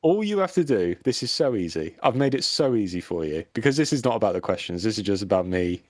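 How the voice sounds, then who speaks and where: A man's voice: on the low side, big pitch swings, fast, no room sound, studio quality. A man in his thirties co-hosting a gaming podcast, cheekily running a quiz round in casual banter. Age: 30s. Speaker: podcast co-host.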